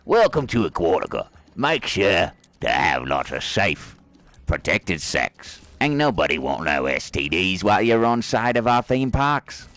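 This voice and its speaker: A man's voice: low voice, big pitch swings, unhurried, a bit bright, dry recording, exaggerated voice. Obnoxious theme park announcer guy, fake Australian accent, brash welcome patter, sent up by a man.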